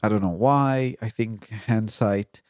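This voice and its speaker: A man hosting a podcast, from Israel, telling a personal story in an unhurried, explaining way with frequent fillers and asides. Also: on the low side, a little mellow, dry recording, clean studio sound. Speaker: podcast host.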